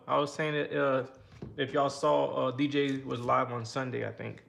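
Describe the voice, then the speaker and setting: Man, livestream host, gravelly voice, echoey room, faint hum, rambling casual chat. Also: medium pitch, level tone, normal speed, a bit bright. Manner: rambling, talks to chat, reads messages aloud.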